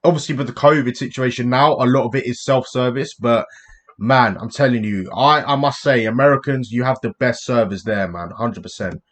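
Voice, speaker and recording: A man's voice: medium pitch, normal speed. A British man chats loosely and bluntly to his viewers, dropping "man" at the end of his thoughts. He reacts as he goes, in an everyday casual way. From United Kingdom. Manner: chatty, blunt, addresses viewers directly with "man". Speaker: reaction video host. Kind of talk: casual chat.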